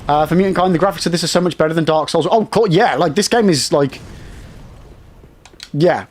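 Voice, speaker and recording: A man's voice: on the high side, brisk, slight background noise. A man livestreaming a game, chatting with viewers and swearing at enemies. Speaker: game streamer. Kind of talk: live gameplay commentary chatting with viewers.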